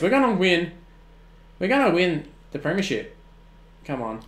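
A young man calls his own video game to a live audience. His voice sits a little high and is bright, with pitch swinging widely as he bursts into shouts. The sound is roomy, with a clear echo. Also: sing-song, normal speed, long pauses. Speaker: gaming streamer.

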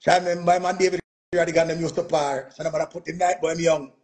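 A Jamaican man, a music performer, telling a boastful story in an animated, casual rant, dropping "man" and "yo" and laughing as he goes. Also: a little high, fast talker.

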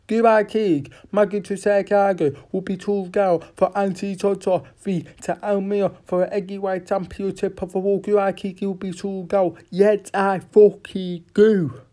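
Slow, mellow-voiced man rambling about boxing. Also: high-pitched. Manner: rambling, profane, halting with many fillers. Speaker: boxing fan giving fight predictions. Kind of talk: casual rambling fight preview.

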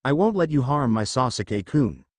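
A man's voice: medium pitch, expressive, normal speed, dry recording, natural voice. Indignant young ninja girl, read by a man. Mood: defiant. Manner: indignant, snappy. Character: defiant young kunoichi girl.

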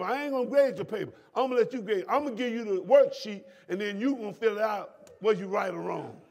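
High-pitched preacher man shouting a sermon. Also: fast talker, gravelly, few pauses. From Southern United States. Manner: preaching with repetition and sudden shouts to the congregation. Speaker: pastor.

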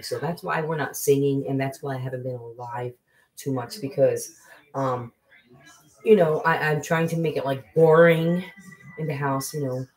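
A woman's voice: a bass voice, a little mellow, low-quality recording. A woman hosting a casual livestream, chatting to viewers and telling a family story. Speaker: livestream host and mother. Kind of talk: casual live chat.

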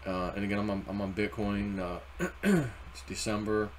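A man's voice: on the low side, moderate pace, slight background noise. A man talking through crypto charts in a casual, rambling vlog, often acting out what others said. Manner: rambling, animated, acts out quotes. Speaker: crypto YouTuber. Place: car or home desk.

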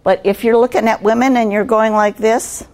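A woman's voice: on the high side, fairly even intonation, moderate pace, darkish tone. An older woman giving a conversational workshop talk on communication skills to students, asking them rhetorical questions. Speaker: guest speaker on communication skills.

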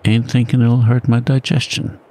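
A man's voice: medium pitch, level tone, normal speed, warm tone, pitched above the performer's own voice, lightly acted. A man doing a grumbling, stubborn old-time trail man. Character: grim stubborn male frontier dog-sledder.

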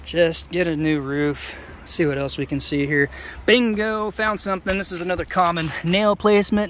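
A man's voice: high-pitched, moderate pace, a bit bright, a little hiss or hum. A man, a roofer, walks over a roof outdoors and explains in a folksy, plainspoken way what is wrong with it. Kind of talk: casual walkthrough explaining roof faults.

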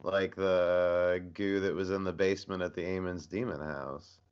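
A man's voice: deep voice, flat delivery, unhurried, clear, resonant tone. A man co-hosting a podcast, chiming in with wry jokes in casual chat. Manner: wry, joking interjections. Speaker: podcast co-host. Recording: dull lo-fi sound.

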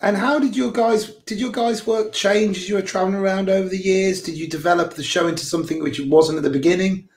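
A man hosting an interview, asking curious follow-up questions in a relaxed conversational way. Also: high voice, fast, hardly any pauses. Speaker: interviewer, podcast host.

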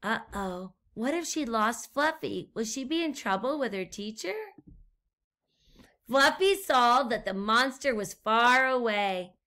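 A woman teacher reading a storybook aloud to young children and asking them gentle questions. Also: a little high, animated. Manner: gentle, slow, questions to the listener.

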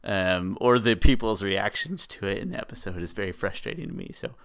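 A young man co-hosting a podcast, giving rambling, opinionated takes that often trail off quietly. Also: low-pitched, expressive, brisk, gravelly. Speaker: podcast co-host. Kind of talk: casual podcast chat.

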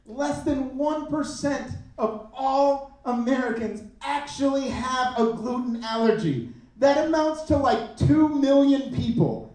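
A man in his thirties performing a stand-up comedy set on a club stage, animated and jumping up in pitch for punchlines. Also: slow pace, very echoey, recorded from a distance, low-quality recording. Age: 30s.

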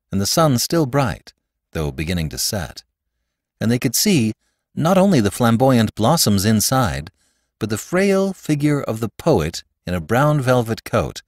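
Male audiobook narrator, low voice, very animated delivery. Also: no room sound, studio quality. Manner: expressive, dramatic reading.

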